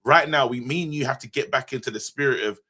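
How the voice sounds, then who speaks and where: Dude talking football on a podcast, bright voice, excitable and slangy. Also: male voice, medium pitch. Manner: excitable, slangy, quick restarts. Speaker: co-host. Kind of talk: casual football podcast chat.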